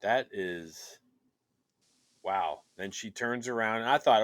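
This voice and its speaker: A man co-hosting a show, chatting in an excited, rambling way with plenty of fillers. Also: on the low side, slow pace, pauses often, no echo, studio quality. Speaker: podcast co-host. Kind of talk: casual chat.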